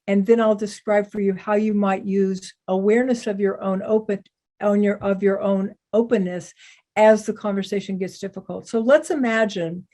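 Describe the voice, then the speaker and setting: A woman speaking calmly and deliberately, explaining how to stay open in difficult conversations. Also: mid-range voice. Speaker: psychiatrist teaching communication. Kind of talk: calm explanatory talk.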